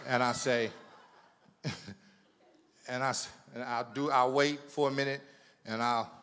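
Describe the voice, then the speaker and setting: A man's voice: mid-range voice, little pitch movement, unhurried, a bit bright, slight background noise. A man preaching as pastor, chatty and teasing, often repeating words as he tells a funny story. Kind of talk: sermon with humorous storytelling.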